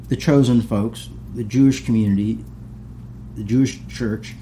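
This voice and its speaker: A male pastor preaching in a relaxed, chatty way and slipping into little acted voices for the people he quotes. His tone is mellow and dark, at a middle pitch. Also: normal speed, a little hiss or hum. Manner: conversational, animated, acts out quoted voices. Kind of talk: casual sermon.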